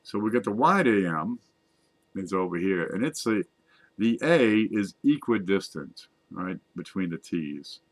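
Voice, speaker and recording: Brief: low-pitched man, relaxed hobby host, chatty and joking at himself. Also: unhurried. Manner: chatty, self-mocking, talks to viewers while zooming in on images. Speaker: coin collecting video host. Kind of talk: casual screen-share show-and-tell.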